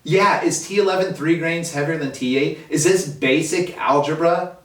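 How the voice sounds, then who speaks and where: A man's voice: on the high side, moderate pace, fairly bright tone. A man in a fly shop, ranting profanely about fishing line in casual talk, heard from a distance. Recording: echoey room, mic at a distance.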